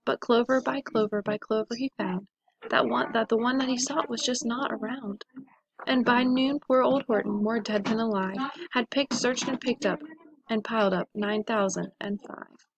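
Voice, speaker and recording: A woman reading a rhyming storybook aloud to a class of children, with a steady, rhythmic delivery. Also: on the high side, normal speed, gravelly, muffled recording, slight background noise.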